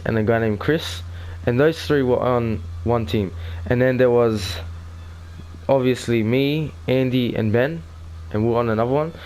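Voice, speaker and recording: A man's voice: medium pitch, a little mellow. A teenage boy telling a personal story in a rambling, casual way, swearing constantly and restarting his sentences. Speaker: gaming channel host.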